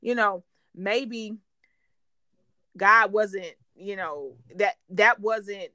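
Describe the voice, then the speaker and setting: A woman's voice: medium pitch, extremely slow, dry recording. A woman hosting a faith-based interview, encouraging her guest and often restarting her sentences. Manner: warm encouraging, many restarts and laughs. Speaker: podcast host.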